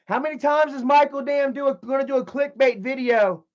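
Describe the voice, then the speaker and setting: A man with a very high voice rants on his livestream, cursing freely and tripping over his own words as he tells a story. The audio is dull and lo-fi. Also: brisk. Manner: profane, rambling storytelling with many restarts. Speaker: livestream host. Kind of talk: casual livestream rant.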